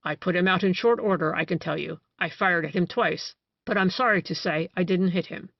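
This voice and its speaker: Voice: medium pitch, fairly quick, vocal fry, dry recording. Reader voicing a boastful male detective-killer. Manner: boastful, relishing his tale. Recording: dry, dull lo-fi recording.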